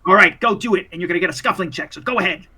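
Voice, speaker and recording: Man, game master, bright, high voice, rambling, halting narration. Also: husky. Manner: rambling, halting, full of restarts. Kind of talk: narrating a tabletop game over a voice call.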